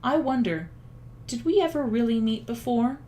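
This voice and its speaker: A woman voicing a curious, sensible young girl in a storybook reading, gently earnest and a little dreamy. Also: on the high side, animated, normal speed, a little hiss or hum, pitched above the performer's own voice, lightly acted. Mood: wondering.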